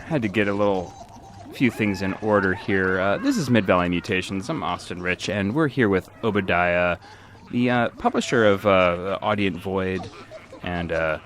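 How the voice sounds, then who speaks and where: A man's voice: low-pitched, normal speed, a bit bright. A man hosting a live radio show in a studio, chatting casually with many fillers and restarts.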